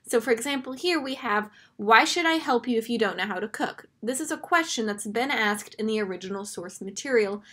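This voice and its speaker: A woman's voice: on the high side, fairly bright tone. A woman teaching a grammar lesson, patiently walking through each step over a screen recording.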